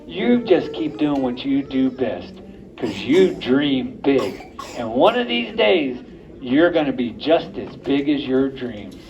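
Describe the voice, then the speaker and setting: A loving mother bear speaks softly and coaxingly to her cub, voiced by a male storyteller. The recording sounds a little dull. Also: medium pitch, sing-song, slow, voice pushed down. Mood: tender. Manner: soft and coaxing.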